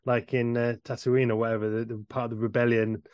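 A man's voice: mid-range voice, level tone, fast talker, no room sound, muffled recording. A man hosting a casual conversation, speaking reflectively and hesitantly and laughing often.

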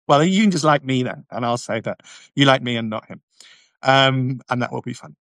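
A man hosts a casual livestream on his YouTube channel, reading viewer comments and answering them bluntly with sardonic asides. His medium-pitched voice is fairly bright, moves at a normal speed with frequent pauses, and has no echo.

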